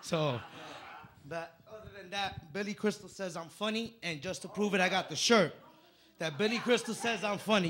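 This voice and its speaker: A man from the Dominican Republic works a comedy club stage into a handheld mic, his voice sitting a little high and bright with some edge to it. He delivers a stand-up set, telling stories punchily and acting out the voices. A faint room noise sits behind him. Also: moderate pace. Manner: punchy, animated storytelling with acted-out voices.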